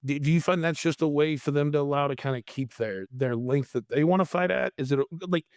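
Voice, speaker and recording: A man's voice: a little high, a little fast, no echo, studio quality. Hesitant male podcast host. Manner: searching, hesitant phrasing. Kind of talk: casual interview questions.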